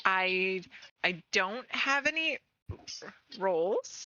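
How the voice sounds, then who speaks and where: A woman's voice: medium pitch, animated, very slow, sharp tone, no echo, exaggerated voice. A woman game master voicing a sarcastic female mage in ornate robes, with slightly muffled, dry stream audio.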